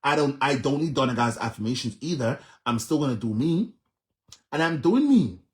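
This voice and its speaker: A man's voice: medium pitch, animated, normal speed. A Jamaican man hosting a vlog, giving emphatic reaction commentary, repeating himself and often laughing. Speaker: vlog host.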